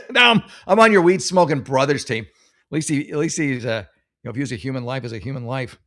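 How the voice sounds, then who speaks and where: Brief: man, mid-pitched, blunt and sarcastic, loose rambling commentary as a mock advice host. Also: brisk, a bit bright. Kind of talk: casual commentary on read-out posts.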